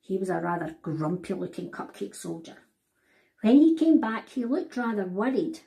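A woman author reading her picture book aloud to children, animated and talking to them directly. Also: medium pitch, normal speed, gravelly. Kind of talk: storybook read-aloud for children.

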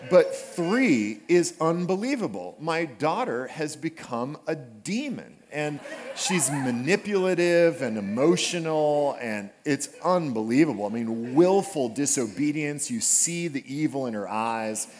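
A man's voice: a little high, a little slow. A pastor preaching to his church, telling a funny personal story and then moving into scripture. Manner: humorous storytelling, animated asides. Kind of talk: conversational sermon. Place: church sanctuary.

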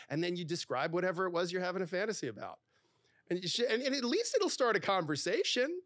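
A middle-aged man talking on a podcast, his fairly high voice leaping up and down as he tells stories. Dry, close studio sound, with no room around it. He talks in quick bursts, full of fillers, and slips into acted-out dialogue. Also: dry recording. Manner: animated, talks in bursts with many fillers, acts out quoted dialogue. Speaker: divorce lawyer, podcast guest. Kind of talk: podcast interview, conversational storytelling.

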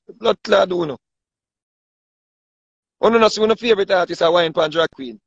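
Speaking with a Jamaican accent, this man rants to camera in a relaxed, bragging, repetitive way, regularly asking whether you get him. His high-sitting voice is gravelly and slightly rough, moving at a moderate pace with frequent pauses. There's no echo on the dull, dry lo-fi recording.

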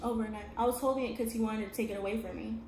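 Young woman, earnest storytelling, higher voice, roomy echo, light background hiss. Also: racing. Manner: earnest, repeats "okay?" to the listener. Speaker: vlogger telling her story. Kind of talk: emotional personal storytelling. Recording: echoey room with steady noise.

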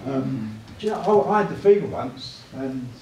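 A man's voice: medium pitch, animated, normal speed, warm tone. A man giving a church evangelism talk, chatty, often asking the room tag questions. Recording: echoey room, mic far off, clear noise.

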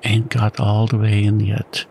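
A man's voice: on the low side, monotone, a little slow, a little mellow, slight background noise. A man in whispered role-play voicing a stern, determined younger man trying to save a dog. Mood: urgent.

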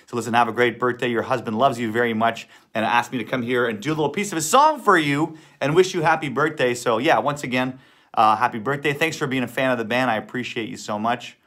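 A man's voice: mid-range voice, quick pace, a bit bright. A man in his forties, a musician, sending a friendly, upbeat personalized birthday greeting. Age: 40s. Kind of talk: personalized celebrity video greeting. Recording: acoustic guitar behind.

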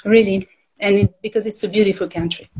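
A woman's voice: mid-range voice, fairly even intonation, fairly quick, a crowd in the background, poor audio. French woman speaking hesitant English. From France. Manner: searching for English words, laughs often. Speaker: guest. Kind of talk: casual livestream chat.

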